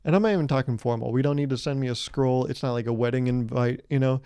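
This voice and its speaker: A man's voice: mid-range voice, fast, dark tone, smooth, dry recording, studio quality. A young man in his twenties hosting a solo comedic podcast, rambling sarcastically, swearing freely and acting out little scenes. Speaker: podcast host.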